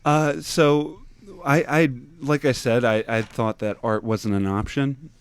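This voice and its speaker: A young man guest in a casual interview, talking haltingly, repeating words and laughing easily. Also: medium pitch. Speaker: podcast guest.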